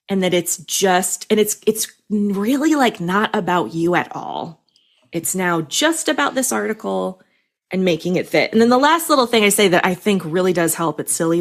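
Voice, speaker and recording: Candid, laughing woman writing coach. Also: medium pitch. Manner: candid and animated, swears and laughs often. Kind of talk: casual podcast conversation.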